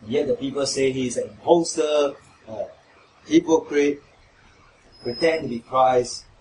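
In an echoey church hall, picked up by a distant mic, a pastor poses questions to his congregation and gets louder whenever he quotes mockers. His mid-range voice has a darkish tone and a measured pace, with a little hiss or hum on the recording.

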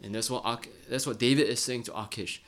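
A man's voice: mid-range voice, steady tone, brisk, fairly bright tone. Earnest preacher man, keeps asking "right?". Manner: earnest, ends many phrases with a tag question "right?". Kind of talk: Bible-study sermon.

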